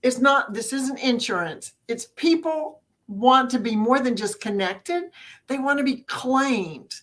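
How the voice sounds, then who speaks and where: An older woman with a Southern American accent, chatting as a guest on a video-call podcast in a folksy, expressive way. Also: a little high. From Southern United States. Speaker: guest, author and speaker. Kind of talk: casual podcast chat.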